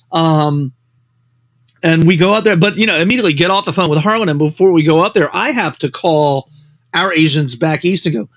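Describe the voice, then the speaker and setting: Man, podcast guest, rambling anecdotes, somewhat high voice, dry close sound. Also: fairly bright tone, dry recording. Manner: rambling, heavy on "you know" fillers. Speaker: guest, novelist and screenwriter.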